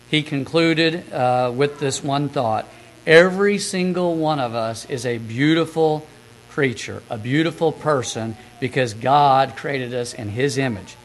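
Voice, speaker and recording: A man giving a sermon, reading scripture passages and then recounting a story in a quieter, quicker way. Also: medium pitch, poor audio. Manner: reads scripture aloud, then retells stories in a soft, quick aside. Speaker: preacher recapping a sermon.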